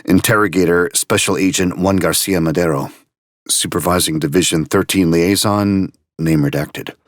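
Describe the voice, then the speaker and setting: A very deep-voiced male official, as an actor plays him reads case numbers in a clipped, bureaucratic drone for a radio drama. The recording is dead dry, with no room sound. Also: normal speed, no echo, lightly acted. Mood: formal. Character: flat official reading an FBI evidence log.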